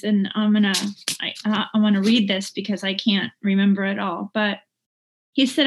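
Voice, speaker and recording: A woman's voice: medium pitch, fairly even intonation. Candid middle-aged woman telling her recovery story. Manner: candid, heartfelt, halting with fillers and restarts. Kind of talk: personal recovery testimony. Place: lives in Northern California.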